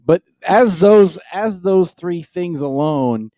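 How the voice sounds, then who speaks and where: A man's voice: sits high, animated, slow pace, warm tone, no room sound, studio quality. A man hosting a comedy podcast, telling stories in a playful, teasing way. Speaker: podcast host. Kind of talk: casual comedic chat.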